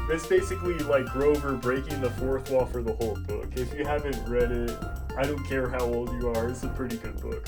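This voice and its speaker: Rambling, self-mocking young YouTuber. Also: mid-range voice. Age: about 20. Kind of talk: casual commentary, reading childhood books. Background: faint background music.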